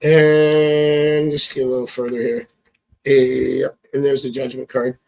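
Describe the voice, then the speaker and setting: A man's voice: medium pitch, level tone, a little slow, vocal fry, darkish tone, low-quality recording. A man reading tarot cards on a live stream. He chats casually, thinks aloud and chuckles often. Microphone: phone.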